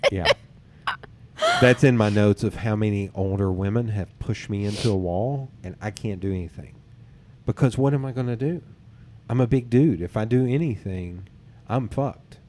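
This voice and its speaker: In a relaxed podcast chat, a man with a lowish, warm, mellow voice recounts his personal dating stories at normal speed, animatedly acting out others' lines. He swears casually throughout, and there's a slight hiss or hum on the recording.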